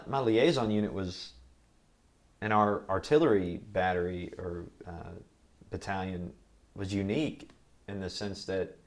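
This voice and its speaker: A young man, a Marine veteran, telling his service stories in an oral history interview in a relaxed, rambling way. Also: low-pitched.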